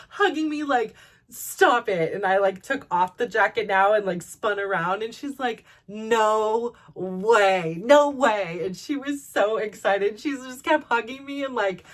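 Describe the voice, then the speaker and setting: A woman hosting a personal vlog, telling stories in a chatty, animated way with lots of "like" and laughter. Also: on the high side. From Russian heritage. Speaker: vlog host. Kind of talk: casual personal storytelling.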